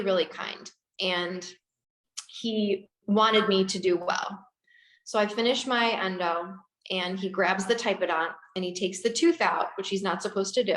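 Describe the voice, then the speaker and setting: Lively woman dentist telling her story over a video call, lots of laughs, roomy echo. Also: medium pitch. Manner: animated, laughing, acts out quoted people. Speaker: dentist guest. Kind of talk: storytelling in an interview.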